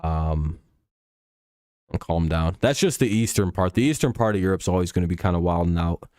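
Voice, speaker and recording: A man's voice: sits low, normal speed, darkish tone, no echo, clean studio sound. A man hosting a casual live stream, rambling and swearing freely, with chuckles and frequent restarts. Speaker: stream host.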